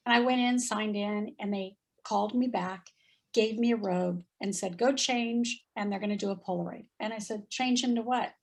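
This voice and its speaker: A woman in her fifties telling a story in casual chat, animated and acting out voices as she goes. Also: medium pitch, moderate pace, creaky. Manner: animated, acts out voices in quotes, laughs often. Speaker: guest.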